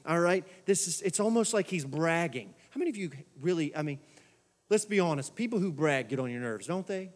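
A pastor preaching a sermon in a church, moving from soft, quiet asides to shouted exhortations. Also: male voice, high voice, lively intonation, brisk, big-room sound. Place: church sanctuary.

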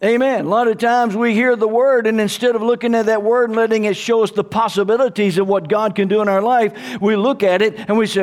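A man's voice: high voice, steady tone, fairly quick, hardly any pauses. A man preaching a sermon to his congregation, emphatic and calling out hallelujah and amen. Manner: calls out to the congregation for responses. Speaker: pastor.

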